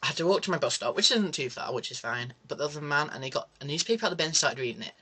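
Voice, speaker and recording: Young guy vlogging, bright voice, sarcastic ranty storytelling. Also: fairly high pitch, rapid-fire, husky. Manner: animated, sarcastic ranting with mock French asides. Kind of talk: casual storytelling vlog.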